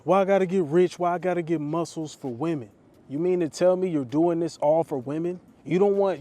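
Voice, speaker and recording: A man's voice: high voice, mellow. A young man, a dating coach, giving a blunt, slangy motivational talk straight to camera.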